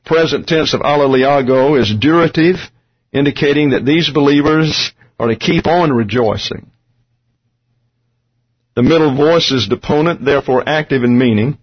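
Methodical male Bible teacher, husky voice. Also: medium pitch, moderate pace. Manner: methodical, explains terms step by step. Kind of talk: Greek grammar Bible study lesson. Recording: dull lo-fi recording.

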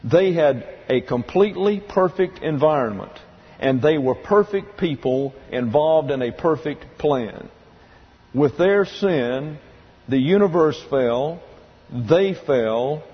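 A man teaching a Bible sermon, reading quotes aloud and spelling words out slowly. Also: fairly high pitch, expressive, slightly rough. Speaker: pastor. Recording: lo-fi hall recording with long reverb.

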